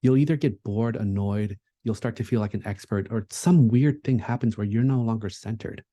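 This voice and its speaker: A man with a low, very warm and mellow voice delivers a keynote talk. He speaks in a reflective, conversational way, often pausing with fillers and restarting sentences. The sound is dry and close. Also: no room sound.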